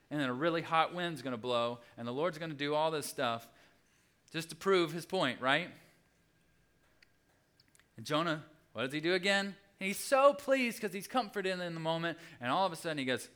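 Young man, sermon, lively swooping voice, bright tone, acts out voices. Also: normal speed. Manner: animated, acts out voices with big pitch swings. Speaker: preacher. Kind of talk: sermon teaching.

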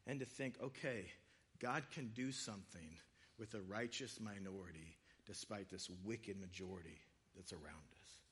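A man's voice: low voice, normal speed, a bit bright, breathy edge. A man preaching a sermon in a conversational way, acting out quoted voices. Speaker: pastor.

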